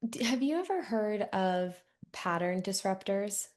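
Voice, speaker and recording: A woman's voice: mid-range voice, lively intonation, a little slow, darkish tone. A young woman hosting a podcast, talking reflectively with many small fillers. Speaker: podcast host. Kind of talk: interview conversation.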